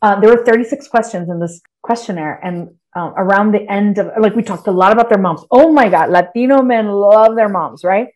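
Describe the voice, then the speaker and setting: A woman's voice: mid-range voice, fairly quick, hardly any pauses. Chatty woman rambling through stories. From Texas. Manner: lively, rambling, full of "like" and restarts. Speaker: guest writer. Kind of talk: casual interview chat.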